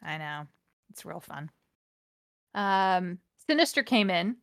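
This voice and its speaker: A woman's voice: on the low side, very animated, takes it slowly, creaky, clean tone, dry recording, studio quality. A woman hosting a podcast, reading a fanfiction aloud and breaking off for wry, exasperated asides. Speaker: podcast host.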